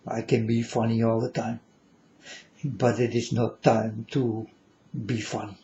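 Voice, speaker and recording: A man's voice: medium pitch, flat delivery, a little slow, dark tone, highs cut off, slight background noise. A man giving an earnest, solemn monologue to his viewers, repeatedly calling them folks. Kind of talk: emotional monologue to camera.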